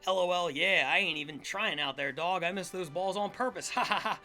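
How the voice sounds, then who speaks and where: A lazy, slangy young ballplayer, as a man voices him, shrugging everything off in a mocking tone. The voice is high and bright, close to the man's own. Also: fairly quick, soft background music, heavily acted.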